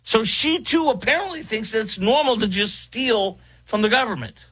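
A man's voice: sits high, lively intonation, moderate pace, background noise. A man guest-hosting a political talk radio show, mocking and joking in loose commentary.

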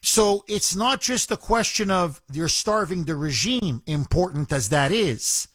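A man's voice: sits high, animated, measured pace, a bit bright, no room sound. A man hosting a call-in radio show, talking emphatically and repeating words and phrases to drive his point home. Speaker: talk radio host. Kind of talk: opinionated call-in radio talk.

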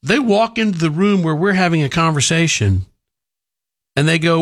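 A man's voice: on the high side, animated, normal speed. A man hosting a talk radio show, giving sarcastic, opinionated commentary. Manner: sarcastic, mocking.

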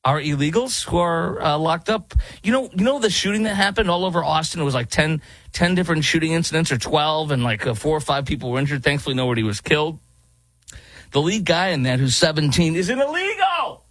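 A man's voice: fairly high pitch, expressive, brisk, fairly bright tone, no room sound. A man giving sarcastic political commentary on clips, mocking the people he shows. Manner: mocking, mimics others in exaggerated voices.

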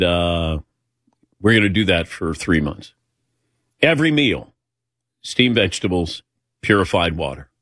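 On a talk show, a middle-aged man with a low voice rambles through a long personal story and acts out the dialogue he quotes. The recording is dry and close-miked, with a slightly bright tone and no echo.

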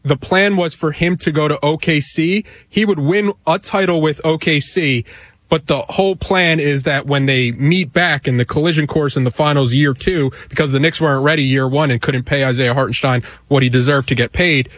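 Deadpan, mock-conspiratorial man. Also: a little high, normal speed, no echo. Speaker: sports radio co-host. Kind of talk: sports talk radio chat.

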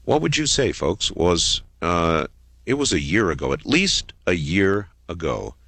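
Man, radio host, call-in show, dramatic drawn-out delivery, very lively pitch, bright voice, dry studio. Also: gravelly, dry recording. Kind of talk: late-night call-in radio.

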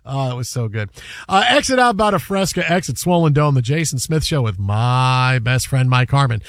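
A man hosting a sports talk show, telling stories in an animated, rambling way. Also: mid-range voice, dry recording, clean studio sound. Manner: animated storyteller, fast and rambling. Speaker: sports radio host.

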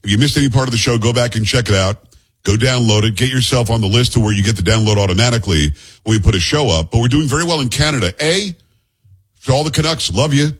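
Middle-aged male radio host, quick husky delivery, jokey banter. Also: mid-range voice. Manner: fast, chatty, joking. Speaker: radio talk show host.

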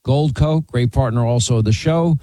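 Man, radio host, mellow tone, dry close mic, pushy ad read. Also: normal speed, no echo. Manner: emphatic, pitching.

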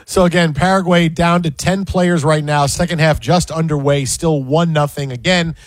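A man hosting a sports radio show, telling quick stories with lots of restarts in a casual chat. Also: a little high, no echo. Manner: animated, quick storytelling with restarts. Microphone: studio microphone.

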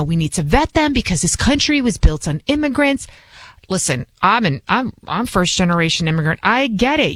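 A woman hosting a commentary show, pressing her points hard in an opinionated monologue and repeating lines for emphasis. Her pitch sits in the middle range. The recording is dry and close, with no room sound. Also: a bit bright, no echo. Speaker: host of a political commentary show.

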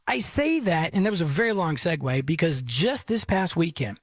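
A man's voice: high voice, sing-song, fast talker, gravelly, few pauses, fairly bright tone, dry recording. A middle-aged man from Texas, telling a rambling, self-deprecating story as host. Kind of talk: casual storytelling.

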